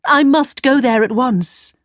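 High eager little girl put on by a woman, begging, dry and close. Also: brisk, darkish tone, breathy edge, no echo. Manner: high, pleading.

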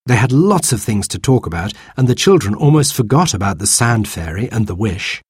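A man reading a children's story aloud, clear and expressive. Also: on the low side, brisk, dry recording, studio quality. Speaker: narrator.

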